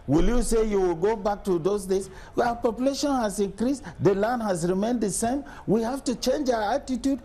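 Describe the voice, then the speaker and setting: A middle-aged man from Nigeria, a state governor answering questions in a TV news interview, arguing forcefully with rhetorical questions. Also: high-pitched, moderate pace, hardly any pauses.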